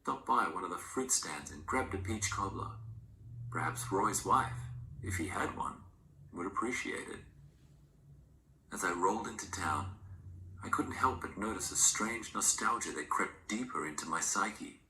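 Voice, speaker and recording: A man giving scripted horror narration in a hushed, often whispered delivery. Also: sits low, lively intonation, a little slow, a little hiss or hum. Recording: roomy echo, faint ambience.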